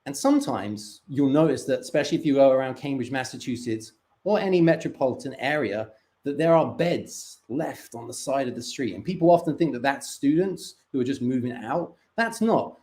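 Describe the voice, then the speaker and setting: A man doing a stand-up comedy set with a deadpan delivery, breaking into lively quoted asides. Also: medium pitch, normal speed.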